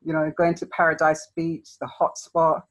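A woman's voice: sits low, monotone, moderate pace, poor audio. A woman hosting a podcast interview, chatty and rambling, laughing a lot. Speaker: podcast host. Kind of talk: casual interview chat.

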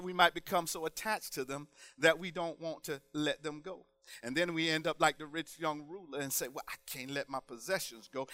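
High, bright-voiced man preaching a sermon. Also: no room sound. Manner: rhythmic preaching, rising to shouted emphasis.

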